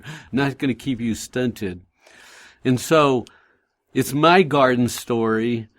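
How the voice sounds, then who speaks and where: Calm, gentle man sharing faith talk. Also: mid-range voice. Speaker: radio show host. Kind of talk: encouraging faith talk and storytelling.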